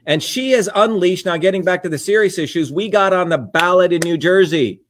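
An older man from India talks in a combative, emphatic run. His pitch sits a touch high, and he hammers the same points again and again. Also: brisk, a bit bright, slight background noise. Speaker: podcast host and candidate. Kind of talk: casual political monologue.

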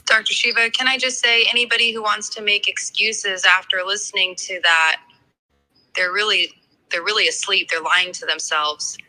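Blunt, indignant female guest with a very bright voice. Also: mid-range voice, steady tone, normal speed, low-quality recording. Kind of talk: heated panel talk.

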